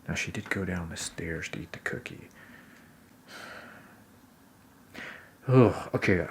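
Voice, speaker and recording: A man's voice: deep voice, creaky, a little hiss or hum. A man giving a wry, self-critical commentary, often dropping to a whisper. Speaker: commentator on his own scene.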